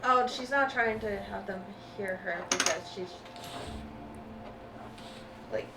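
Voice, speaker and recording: A woman's voice: medium pitch, takes it slowly. Woman player heard from afar. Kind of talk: casual tabletop play. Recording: distant mic, roomy, loud background noise.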